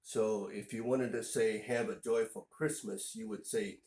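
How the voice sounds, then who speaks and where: A man from northern Indiana giving a casual spoken language lesson, unhurried and explanatory, with frequent pauses to think. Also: fairly low pitch, steady tone, darkish tone, roomy sound, poor audio. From northern Indiana, USA. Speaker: language teacher.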